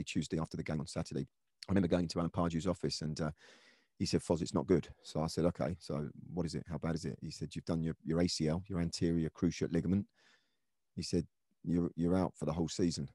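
Middle-aged guy, ex-footballer, low mellow voice, earnest storytelling, dry close sound. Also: fairly even intonation, fast talker, husky, no echo. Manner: earnest, reflective, many restarts and fillers. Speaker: former footballer, podcast guest. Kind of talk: conversational storytelling interview.

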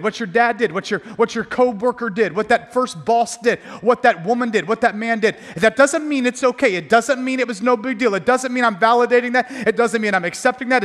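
A man's voice: sits high, a bit bright, long reverb tail. A man preaching a sermon as pastor, emphatic and repetitive, with jokey asides.

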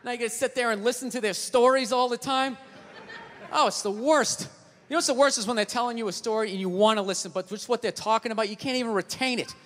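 A man's voice: very high-pitched, fast talker, a bit bright, long reverb tail. A man doing stand-up comedy on a stage, ranting profanely with rhetorical asides.

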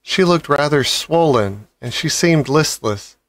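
A man reading a children's novel aloud with calm, measured storybook narration. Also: on the high side, dry recording. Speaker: audiobook reader.

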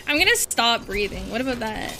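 A woman's voice: fairly high pitch, very animated, brisk, very noisy. A woman streamer chatting casually, giggly and playful, often teasing. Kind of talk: casual livestream chat.

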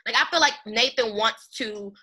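Bright chatty woman recapping a show. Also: a little high, moderate pace. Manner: animated, chatty, slangy. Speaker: YouTube channel host. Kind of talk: casual TV recap chat.

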